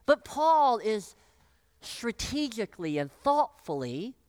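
A pastor preaching a sermon, acting out the voices of the people in the story, choked up and clearing their throat. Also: mid-range voice, no echo, clean studio sound. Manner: animated, acts out voices of biblical figures.

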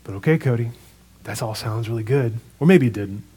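A man preaching a sermon, retelling a parable in a conversational, animated way with casual asides. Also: medium pitch, fairly quick, breathy edge. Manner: storytelling, animated retelling with acted quotes.

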